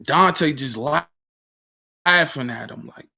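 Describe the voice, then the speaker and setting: A man hosts a reaction video with a slightly raised pitch and a rough, fried edge to his voice. He takes his time and drawls his lines. He mocks what he is watching in heavy slang. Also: slow pace, pauses often. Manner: mocking, animated slang-heavy banter. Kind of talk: casual reaction commentary.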